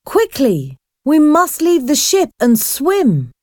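Brief: urgent high shouting teen girl, voiced by a woman reader, storybook. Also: huge pitch swings, slow pace, no room sound, clean studio sound, exaggerated voice. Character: teenage girl, urgent and brave.

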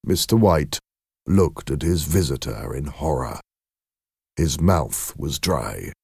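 A man narrating a story aloud in a measured, expressive reading. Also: extremely low pitch, creaky, husky, dry recording, clean studio sound.

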